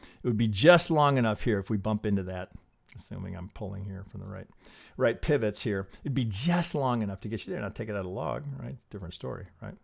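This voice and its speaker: A man giving casual, animated market chart analysis, talking to himself as he draws. He interrupts himself often, restarts sentences and swears casually. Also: lowish voice, brisk, creaky, slightly rough. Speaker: trading analyst.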